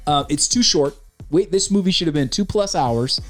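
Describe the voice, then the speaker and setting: A man's voice: on the high side, animated, moderate pace, a bit bright, soft background music. A man co-hosting a casual chat, ranting animatedly and exasperated, often mocking lines in quoted voices. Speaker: podcast co-host reviewing a film.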